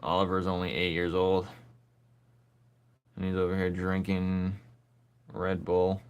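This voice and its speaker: A man's voice: low-pitched, completely flat delivery, unhurried, smooth. A man giving casual commentary while he draws, laid-back and teasing, talking to himself as he works. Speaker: artist drawing on camera.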